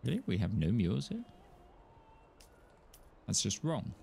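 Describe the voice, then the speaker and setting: A man's voice: lowish voice, huge pitch swings, a little slow, creaky, dark tone, slight background noise. A man giving casual, jokey gameplay commentary as he plays, chatting to himself and his viewers. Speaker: gaming streamer.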